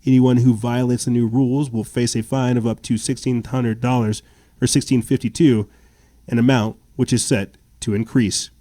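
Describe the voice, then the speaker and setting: A man's voice: medium pitch, little pitch movement, normal speed, mellow, no echo. A man hosting a political commentary podcast, reading news reports aloud and adding sarcastic, indignant remarks with stammered restarts. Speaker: podcast host.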